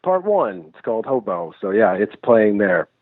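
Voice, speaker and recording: A man's voice: fairly low pitch, moderate pace, dry recording. A man from New England who makes and acts in films, chatting loosely as a guest and telling stories with plenty of swearing. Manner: loose, profane, animated storytelling. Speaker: filmmaker and actor guest. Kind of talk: casual interview chat. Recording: dry, tinny phone-like sound.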